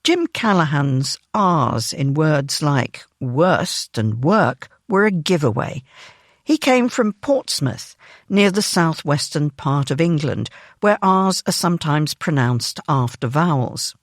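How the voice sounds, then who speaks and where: A narrator reading a written news feature aloud in a measured, even way, recorded on a close studio microphone. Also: medium pitch, no room sound.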